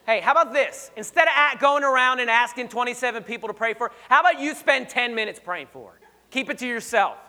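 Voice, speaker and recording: A pastor preaching a sermon, emphatic and conversational with rhetorical questions, slightly hoarse. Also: male voice, extremely high pitch, quick pace, bright, forceful tone.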